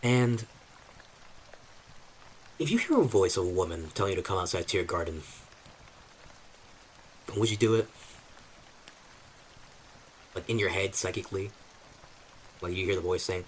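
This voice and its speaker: A man's voice: sits low, lively intonation, normal speed, pauses often, a little hiss or hum, low-quality recording. A man streaming as a novice dungeon master, casually recapping his campaign in a chatty, self-deprecating way and talking to his chat.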